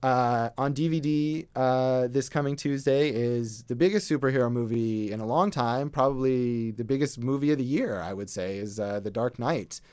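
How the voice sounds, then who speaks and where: A man's voice: medium pitch, normal speed, few pauses, a little mellow, clean tone, no room sound. A man casually reviewing films as co-host, wry and rambling with many fillers. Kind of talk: casual movie review chat.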